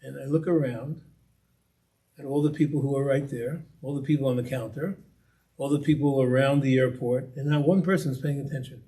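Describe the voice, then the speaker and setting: A man's voice: medium pitch, fairly even intonation, fairly quick, mellow. A man giving a conversational storytelling talk as a guest speaker, repeating and restarting phrases and building up emphasis.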